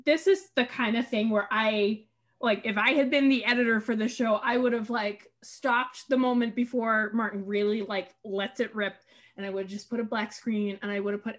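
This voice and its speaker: A woman co-hosting a casual podcast, her voice sitting a little high. She talks with animated energy and laughs often, and her words rush out when she is worked up. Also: moderate pace. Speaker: podcast co-host. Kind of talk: casual chat.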